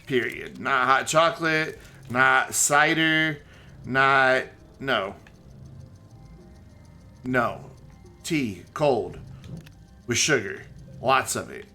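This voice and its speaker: A male game streamer talks casually into a desk mic while he plays. His voice is bright and forceful, and his pitch swings widely as he rambles and jokes. Faint game music plays underneath him. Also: takes it slowly, pauses often. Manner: rambling, joking, animated.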